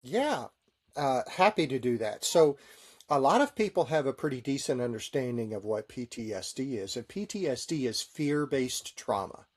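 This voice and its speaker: A man's voice: mid-range voice, expressive, moderate pace, breathy edge. A middle-aged man who is a Navy chaplain, answering interview questions with easy, good-humored stories.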